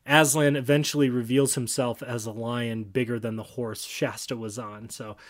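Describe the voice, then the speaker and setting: A man's voice: medium pitch, fairly even intonation, a little slow. A man giving casual, reflective commentary on a book he reads aloud, talking eagerly and restarting his phrases. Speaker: book discussion host.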